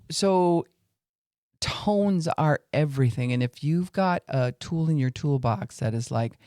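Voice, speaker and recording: A man's voice: medium pitch, darkish tone, no room sound, studio quality. Earnest man teaching about faith. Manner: earnest, acts out angry and weary voices to illustrate. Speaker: Christian podcast speaker. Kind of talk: teaching talk on faith and family.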